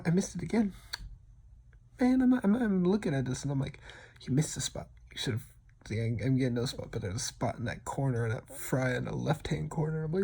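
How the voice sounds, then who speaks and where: Young adult male, mellow and husky, low-key self-deprecating voice-over, half-whispered. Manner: talks quietly, partly whispered. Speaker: digital artist. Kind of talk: casual voice-over over a speed drawing.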